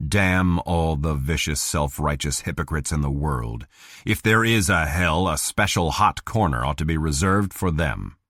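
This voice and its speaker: A man reading a hardboiled detective audiobook in the first person, with a dry, measured delivery. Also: extremely low pitch, animated, a bit bright, no room sound. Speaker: audiobook narrator.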